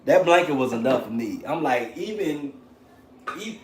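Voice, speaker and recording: A man hosting a livestream in casual chat, animated, slangy and profane, laughing often. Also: mid-range voice, moderate pace, echoey room, a little hiss or hum. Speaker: channel host on a livestream.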